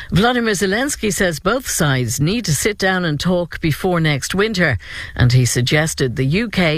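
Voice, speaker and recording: Male newsreader, slightly high voice, dry close studio sound, measured scripted delivery. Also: no room sound. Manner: measured, even news delivery. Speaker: radio newsreader. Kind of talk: scripted news bulletin.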